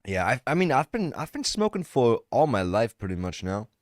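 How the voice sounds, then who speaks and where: A man's voice: mid-range voice, very animated, normal speed, no echo. A man livestreaming, reacting to videos with joking, profane live commentary.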